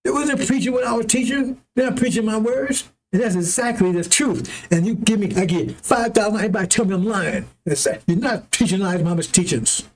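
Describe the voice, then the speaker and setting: A man's voice: high-pitched, a little fast, hardly any pauses, slight background noise. A man giving a loose, rambling sermon to his followers, blunt and often laughing as he reads scripture. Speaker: preacher.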